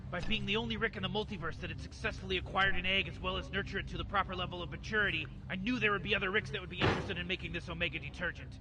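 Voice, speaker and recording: Man doing a rambling, dismissive old mad scientist, high-ish voice, talks fast. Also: fairly even intonation, close to an everyday voice. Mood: scheming. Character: scheming careless old male mad scientist. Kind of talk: fan voice impression over gameplay.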